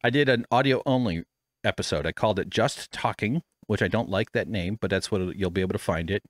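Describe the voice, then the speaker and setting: On a studio microphone with headphones, a podcast host rambles through casual chat at home, swearing freely and running himself down. His voice is on the low side, his pace is quick, and there's no echo.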